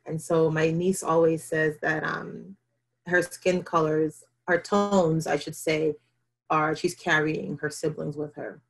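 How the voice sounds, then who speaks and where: A woman's voice: low-pitched, little pitch movement, slow, vocal fry. A woman talking candidly as an interview guest, telling her story with animation and acting out her own past words.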